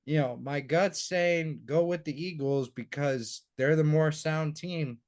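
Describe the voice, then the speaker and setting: A man's voice: fairly high pitch, unhurried, a little mellow. A young man co-hosting a sports betting podcast, rambling through his picks in casual chat and swearing freely. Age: young adult. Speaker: podcast co-host.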